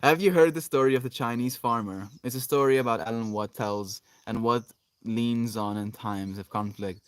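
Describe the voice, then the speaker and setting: Guy livestreaming out in a field, mid-pitched voice, rambly and thoughtful, trails off quiet at the end of thoughts. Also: normal speed, clear, resonant tone, dry recording. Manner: meandering, reflective, often trailing off softly. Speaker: livestreamer reading chat. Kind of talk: casual livestream chat. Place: outdoors in an open field.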